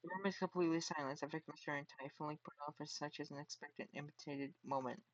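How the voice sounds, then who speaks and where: A man's voice: on the high side, fairly even intonation, fast, no room sound, lo-fi sound. A man reading a visual novel aloud, often stumbling and restarting, with chatty asides.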